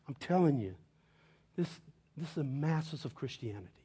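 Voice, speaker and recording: A middle-aged man preaching a sermon, his voice rising loud and ringing on key lines and then dropping low and confiding for a story. He chuckles through his anecdotes and keeps the delivery lively and animated. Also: normal speed, long pauses, slightly rough. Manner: swings from soaring emphatic proclamation to hushed, chuckling storytelling. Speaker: pastor.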